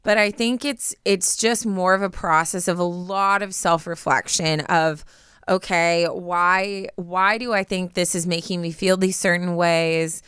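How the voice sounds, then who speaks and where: Young woman, podcast co-host, casual advice chat, lots of fillers, very clear voice, dry sound. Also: lowish voice, fairly even intonation, unhurried, a bit bright, dry recording. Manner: chatty, full of "like" fillers.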